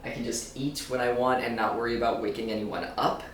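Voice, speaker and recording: A man's voice: mid-range voice, steady tone, brisk, distant mic, slight background noise. A man vlogging in casual chat, rambling loosely, swearing and laughing often. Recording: roomy echo, a bit off-mic, faint ambience.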